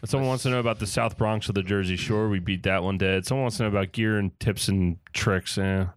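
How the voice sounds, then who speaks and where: A man tells a story on a podcast, joking and swearing as he goes. He talks fast in a lowish voice, recorded close and dry. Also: steady tone, no room sound. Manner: quick, profane, joking. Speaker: podcast co-host, firefighter. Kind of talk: casual storytelling.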